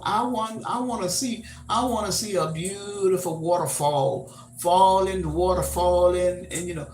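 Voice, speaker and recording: An older woman hosting a live stream, chatting casually and haltingly with many fillers and repeated words. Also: on the low side, a little mellow, slight background noise. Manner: reminiscing, homespun. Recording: roomy echo.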